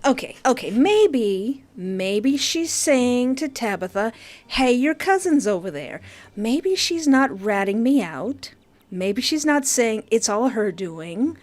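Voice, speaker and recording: A woman's voice: a little high, expressive, takes it slowly, darkish tone. A woman streamer chatting playfully while playing a story game, joking and laughing often. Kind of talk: live game commentary.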